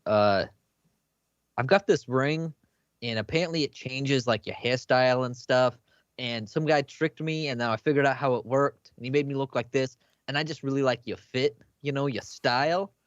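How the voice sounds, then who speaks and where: A man's voice: mid-range voice, normal speed, dry recording. A man playing a tabletop game, talking loosely and jokingly, swearing now and then. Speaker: player. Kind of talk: casual tabletop play. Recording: dull, dry lo-fi stream audio.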